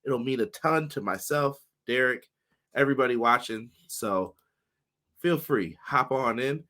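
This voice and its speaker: A man hosting a casual wrestling podcast livestream, upbeat and greeting viewers by name, his voice slightly hoarse. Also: medium pitch, unhurried, sharp tone. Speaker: podcast host.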